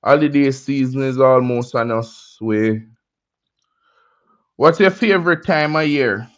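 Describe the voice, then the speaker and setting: Speaking at a measured pace in a mid-range voice, a male livestream host greets his viewers casually, sprinkling in Jamaican slang. The sound is dull lo-fi stream audio.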